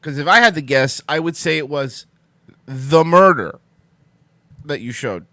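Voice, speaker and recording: A man's voice: a little high, lively intonation, a little fast, sharp tone, dry recording. A young man hosting a casual morning live stream, rambling and sarcastic, sleepy and yawning, swearing as he answers the chat. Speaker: host of a live-streamed morning talk show.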